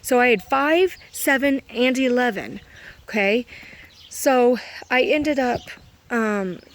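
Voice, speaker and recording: A woman's voice: on the high side, slow. Rambling woman recounting dreams. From Kentucky. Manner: rambling, self-correcting, full of "um" and "like". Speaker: vlogger. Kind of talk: casual storytelling of dreams.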